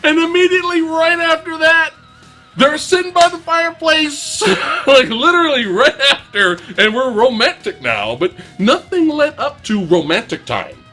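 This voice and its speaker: An exasperated man rants about a film in casual chat and laughs often. His voice is very high, bright and swoops up and down. Faint music plays behind him. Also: animated, a little slow. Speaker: film reviewer.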